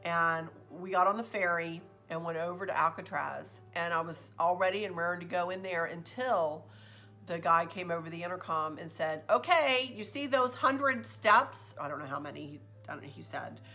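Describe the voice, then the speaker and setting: A woman telling a story in a chatty, expressive vlog. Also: on the low side, a little fast, faint music behind. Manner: chatty, expressive, says "y'all". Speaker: vlogger.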